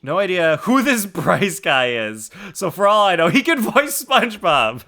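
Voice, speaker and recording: A man's voice: high voice, very animated, measured pace, sharp tone. A man live-streaming a video game, chatting casually and animatedly with his chat and laughing often.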